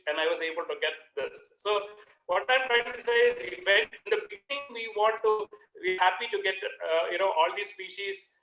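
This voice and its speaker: A man gives a photography talk over a video call. His voice sits high and bright, and he speaks at an easy pace with frequent "uh" pauses. The sound is roomy and echoey. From India. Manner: relaxed, with frequent "uh" fillers. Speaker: guest speaker. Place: home room on a video call. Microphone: computer mic on a video call.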